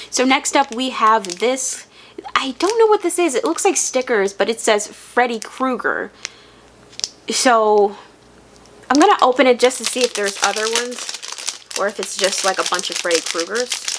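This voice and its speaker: A woman chatting casually in a book unboxing vlog, rambling and excitable, with lots of "like" fillers. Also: a little high, slight background noise. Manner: chatty and rambling, heavy use of "like". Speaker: book vlogger.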